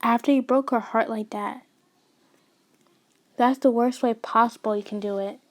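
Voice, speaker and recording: A woman's voice: fairly high pitch, fairly even intonation, moderate pace, lightly acted. A woman reading the lines of a stern, protective middle-aged father who is hostile, blunt and threatening. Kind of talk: audio fanfiction reading.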